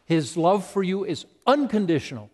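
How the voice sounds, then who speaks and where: A man's voice: sits high, very animated, moderate pace, darkish tone. A man preaching a sermon as pastor, emphatic and repetitive. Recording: long reverb of a large hall.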